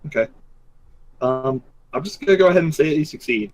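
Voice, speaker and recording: A man's voice: fairly high pitch, fairly quick, soft background music. Laid-back man running a tabletop game. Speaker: game master.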